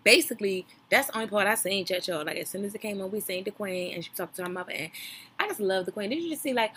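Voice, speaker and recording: A young woman hosting a podcast, giving sassy, gossipy reaction commentary on a reality show, loud one moment and mumbling the next. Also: medium pitch, quick pace, slight background noise. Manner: sassy, animated, gossipy, swings between loud outbursts and mumbling asides.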